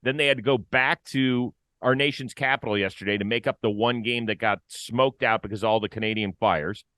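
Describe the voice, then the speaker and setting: A man's voice: lowish voice, fairly even intonation, fairly quick, a bit bright, no echo, clean studio sound. A man hosting a baseball talk show, playful and stat-heavy in casual chat.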